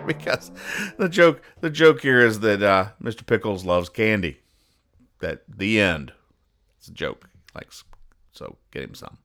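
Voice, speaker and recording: A man's voice: fairly low pitch, lively intonation, measured pace, a bit bright. A man hosting a podcast, reading comic strips aloud and explaining the jokes in a rambling way, often stopping and restarting. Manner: rambling, stops and restarts, puzzled asides. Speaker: podcast host. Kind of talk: casual comedic comic-strip commentary.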